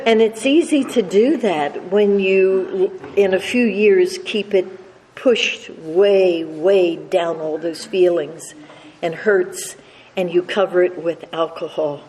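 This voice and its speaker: A woman's voice: lowish voice, slow pace, a little mellow. An older woman speaking to a recovery meeting, telling a humorous personal story with a slight stutter and many restarts. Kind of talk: personal story told to a live audience. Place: meeting hall with an audience laughing. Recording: reverberant hall with faint noise.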